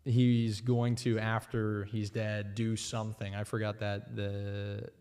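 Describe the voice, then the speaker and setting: A man in casual chat, slowly translating song lyrics aloud, hesitant and thinking as he goes. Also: lowish voice, little pitch movement, a little mellow. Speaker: guest.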